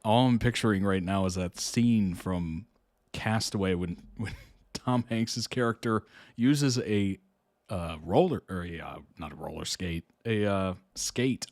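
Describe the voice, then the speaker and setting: A man's voice: fairly low pitch, darkish tone. A man hosting a reaction video, commenting in an easygoing way and laughing often. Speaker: reaction channel host.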